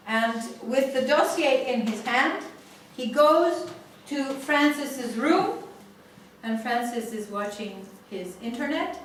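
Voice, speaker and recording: A woman facilitating a family constellation seminar guides the exercise by telling a case story slowly and haltingly, restarting many times. Her voice sits high and is expressive. She's recorded in an echoey seminar room far from the mic, with slight background noise.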